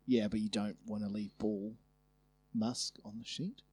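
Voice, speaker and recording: A man's voice: fairly low pitch, flat delivery, darkish tone, no echo. A man co-hosting a casual podcast chat, laughing often and trading jokes, with a New Zealand accent. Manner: laughs often, quick jokey replies. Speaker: podcast co-host.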